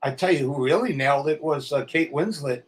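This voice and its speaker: Casting note: middle-aged New man, slightly high voice, blunt animated raconteur. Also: brisk. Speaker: actor guest. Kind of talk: casual interview chat.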